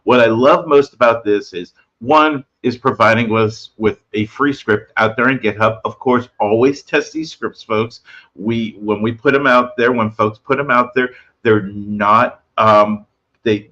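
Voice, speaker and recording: Lo-fi, lower-voiced man in his fifties. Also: a bit bright. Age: 50s. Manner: enthusiastic, self-deprecating humor. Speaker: co-host. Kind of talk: casual panel chat.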